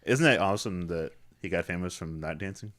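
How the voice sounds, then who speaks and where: A man with a very deep, low voice co-hosting a casual movie review podcast. He jokes about the film and laughs along with his co-host. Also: brisk, fairly bright tone.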